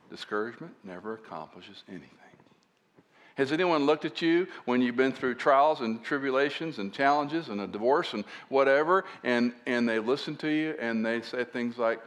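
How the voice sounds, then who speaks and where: A man's voice: mid-range voice, animated, moderate pace, hardly any pauses. Earnest male pastor preaching. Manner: earnest, often dropping to a soft, hushed delivery for emphasis. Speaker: pastor and Bible teacher. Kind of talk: sermon.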